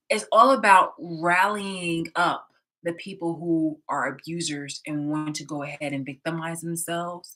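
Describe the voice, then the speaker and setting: A woman's voice: fairly low pitch, pushed and bright. A woman vlogger in a casual, profane, exasperated reaction rant, laughing often, filmed indoors. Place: indoor room.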